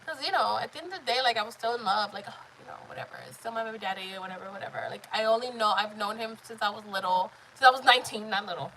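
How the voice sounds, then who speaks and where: A woman's voice: medium pitch, rapid-fire, hardly any pauses, bright, forceful tone, slight background noise, poor audio. A woman in her thirties chatting casually on a live stream, blunt, profane and emphatic as she tells her story.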